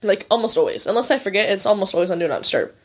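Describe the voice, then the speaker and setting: A young woman in her twenties with a medium-pitched, breathy-edged voice speaks in a very animated, racing way. Co-hosting a casual chat, she's a chatty storyteller who says "like" constantly and swears freely.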